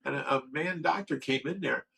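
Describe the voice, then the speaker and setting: A man's voice: mid-range voice, brisk, gravelly, sharp tone, a little hiss or hum, poor audio. A livestream host talking candidly and emotionally, rambling and swearing as he tells a personal story. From Ohio.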